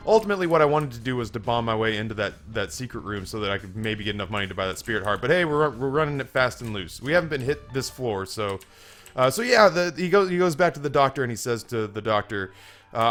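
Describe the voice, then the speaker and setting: A man chats casually while playing a video game, his voice at an ordinary middle pitch. He rambles, restarting phrases often as he spins a long story. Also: animated, fast talker, a bit bright, faint music behind. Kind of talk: casual gameplay commentary and joke telling.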